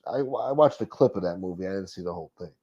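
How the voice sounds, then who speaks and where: Low-voiced man muttering to his chat. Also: expressive, quick pace, warm tone, breathy edge. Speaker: livestream host reading chat. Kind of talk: casual livestream chat. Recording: dull lo-fi stream audio.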